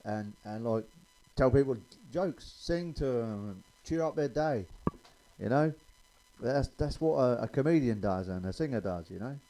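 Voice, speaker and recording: A man's voice: mid-range voice, animated, measured pace, warm tone, slight background noise, rough recording. A man telling blunt, sweary stand-up jokes in a chatty way. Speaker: stand-up comedian.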